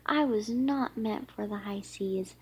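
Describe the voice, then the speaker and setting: A woman voicing a timid young girl fairy in a storybook, reading haltingly with restarts. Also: mid-range voice, a little mellow, a little hiss or hum, lightly acted. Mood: fretful.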